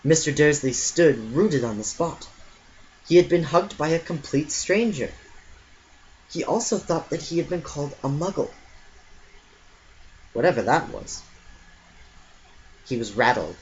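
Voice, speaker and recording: A man's voice: on the high side, a little slow, pauses often. A man reading a storybook aloud. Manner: expressive amateur reading with occasional slips. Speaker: audiobook reader. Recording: muffled lo-fi with faint hiss.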